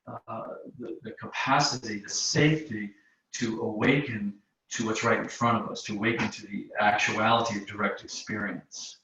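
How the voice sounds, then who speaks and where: A man teaching a yoga class, talking slowly and thoughtfully and pausing often to restart his sentences. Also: lowish voice, bright, forceful tone. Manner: slow, searching, hesitant with many restarts. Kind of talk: reflective spoken teaching. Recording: roomy, distant, dull sound with faint noise.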